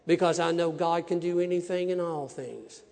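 A male minister preaching a testimony sermon, voicing each exchange with animation. His voice sits high for a man. The sound hangs in a long church reverb. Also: normal speed, gravelly. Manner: animated storyteller acting out dialogues. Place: church sanctuary.

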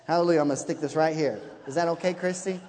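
A man preaching a sermon, telling a personal story with animated, laughing delivery. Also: on the high side, racing. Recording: long hall reverb.

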